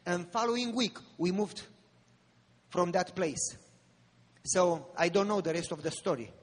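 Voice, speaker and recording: A man preaching a sermon, telling a personal story with drama and rising to fervent appeals in a husky voice. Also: high-pitched, measured pace, long pauses. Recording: long reverb of a large hall.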